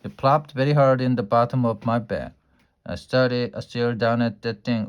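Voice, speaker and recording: A man's voice: mid-range voice, moderate pace, smooth. Man reading a children's book aloud. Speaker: storybook reader.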